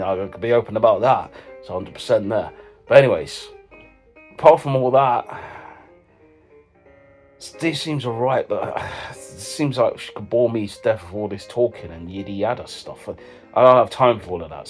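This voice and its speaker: A man's voice: on the low side, a little fast, soft background music. A man doing jokey commentary, rambling in slang and asking "you know what I mean" again and again. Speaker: comedy vlogger reacting to dating profiles. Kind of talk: jokey commentary with sung snippets.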